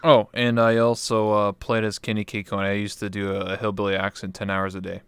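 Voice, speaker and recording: A man's voice: on the low side, monotone, brisk, fairly bright tone, clean tone, no echo. A young Canadian man hosting a casual interview show, talking in a laid-back, rambling way with casual swearing. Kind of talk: casual chat.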